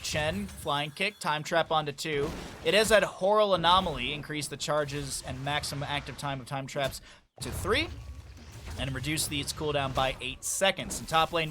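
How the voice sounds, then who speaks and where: A man casting a live esports match, calling fast play-by-play and wandering into chatty asides he shares with his chat. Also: on the high side, slight background noise. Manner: excitable, rambling asides between fast play-by-play; chatty, talks directly to chat. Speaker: esports caster.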